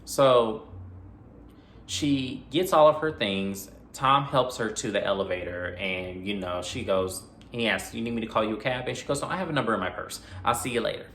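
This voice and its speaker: A man recapping a horror movie plot in a casual, animated way, acting out the characters' lines and adding his own asides. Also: lowish voice, normal speed, slight background noise. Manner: animated retelling with quoted voices and asides. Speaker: movie reviewer. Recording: echoey room with faint ambience.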